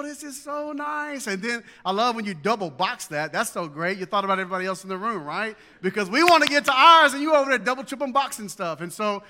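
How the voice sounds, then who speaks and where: A man's voice: high-pitched, sharp tone, long reverb tail. A man, preaching a sermon in a folksy, joking way that builds to emphatic preaching. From Southern United States. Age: 40s. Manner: folksy storytelling with jokes, rising to emphatic preaching. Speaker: pastor.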